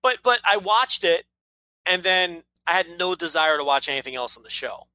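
A man co-hosting a casual podcast, talking in a bright, forceful voice. He rants emphatically, swears freely and often restarts his sentences. The sound is dry and close, with no room around it. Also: high voice, lively intonation, moderate pace, no echo, rough recording. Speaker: podcast co-host.

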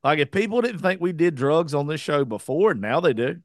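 A man's voice: on the high side, expressive, a little fast, no echo, clean studio sound. Blunt, profane podcast host, man. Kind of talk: casual chat.

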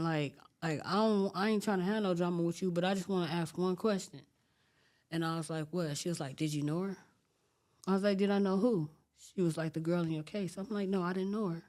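A woman with a fairly low voice tells her story in an interview. She talks in an animated, streetwise way and acts out the quotes. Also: fairly quick. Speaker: interview guest.

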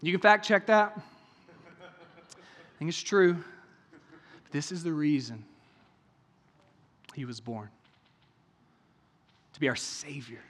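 A man preaching a sermon in a church, talking conversationally, asking many rhetorical questions and moving between hushed, intimate passages and raised, emphatic ones. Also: fairly high pitch, animated, takes it slowly, long pauses, big-room sound. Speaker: pastor. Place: church sanctuary.

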